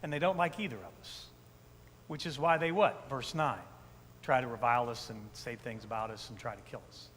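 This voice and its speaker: A male pastor with a medium-pitched, slightly bright voice talks a little fast, with slight background noise audible. He keeps his sermon conversational, asking the congregation "right?" often and repeating key phrases for emphasis, all ringing with long reverb in a church sanctuary.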